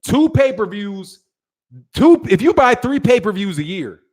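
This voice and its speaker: A man with a fairly high speaking voice hosts a boxing live stream. He talks in emphatic, repetitive bursts, stressing each point twice over between viewer chat messages. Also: sing-song, measured pace, a little mellow. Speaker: boxing channel host. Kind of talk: live-stream commentary reading viewer chats.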